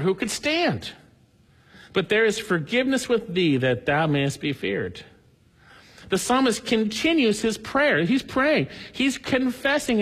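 A man's voice: high voice, fairly bright tone, breathy edge, long reverb tail. A man preaching a sermon, earnestly reading scripture aloud with emphasis. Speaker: pastor.

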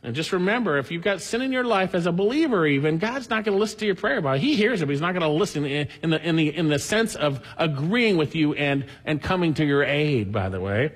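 Husky high-voiced man preaching. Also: lively intonation, fast talker, few pauses, long reverb tail. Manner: earnest preaching, reads scripture aloud with emphasis. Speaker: pastor. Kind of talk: sermon.

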